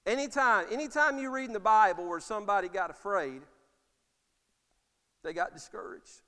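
A man's voice: sits high, moderate pace, bright, forceful tone. A male pastor preaching a sermon. He calls out "Amen?" to the congregation and acts out the words of the people in his stories. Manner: preaching with call-and-response "Amen?" and acted-out quotes. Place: church sanctuary. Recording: long hall reverb.

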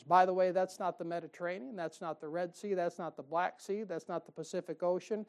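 A woman preaching a Bible-study sermon, chatting with listeners through rhetorical questions and reading scripture slowly and louder. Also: lowish voice.

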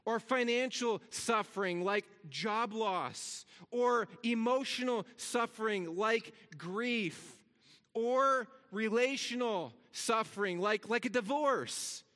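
A man preaches from the pulpit with a high, bright, forceful voice that climbs when he presses a point. He repeats his words as he builds. The sound carries a long reverb from a large church hall. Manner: earnest, repeats words, rises in pitch for emphasis. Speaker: pastor. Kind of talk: sermon.

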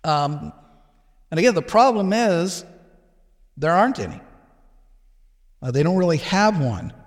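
Guy teaching a bible lesson, slow and a bit high, long reverb around him. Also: big pitch swings. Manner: explanatory, with filler words and restarts, acting out quoted exchanges.

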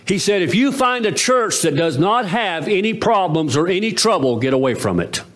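A pastor delivers a sermon. His pitch swings widely and climbs to emphatic peaks before dropping low. His voice sits a little high for a man. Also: big pitch swings, moderate pace. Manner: preaching with swooping emphasis, rising to emphatic peaks.

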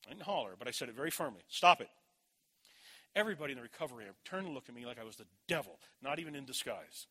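A middle-aged man preaching a sermon in a church, telling a family story and moving between firm and hushed delivery. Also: mid-range voice, big pitch swings, racing, slightly rough.

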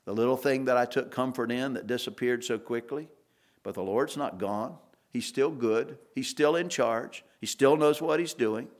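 A man's voice: medium pitch, moderate pace. A man preaching an expository sermon, earnest, with rising emphasis on key points and occasional restarts.

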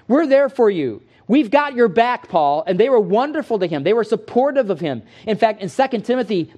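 A man preaching a sermon, teaching from scripture in an earnest, emphatic way, slowing down to stress key words and explaining Greek terms. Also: sits high, dark tone.

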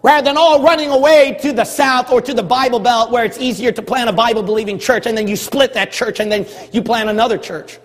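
A man from California preaching a sermon as pastor of his church, hammering one phrase over and over and rising into shouts. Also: very high voice, fairly even intonation, a little fast, few pauses, long reverb tail. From California, USA. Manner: forceful, repetitive exhorting, rising to shouts.

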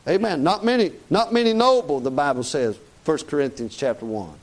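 A man's voice: fairly high pitch, fairly quick, rough recording. A man preaching a sermon to a congregation in a church, emphatic and folksy, firing off rhetorical questions and calling for amen.

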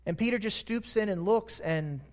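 A man preaching a sermon, retelling a scripture story with emphatic, drawn-out words. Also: sits high.

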